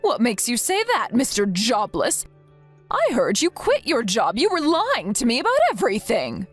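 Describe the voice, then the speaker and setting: A woman's voice: on the high side, wildly swooping pitch, moderate pace, slightly rough, full character voice. A woman voicing a stern, protective older grandmother who reads out text messages in a firm, reproachful way. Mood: angry. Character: stern, protective grandmother scolding her son. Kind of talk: text-message story read aloud. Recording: soft music behind the voice.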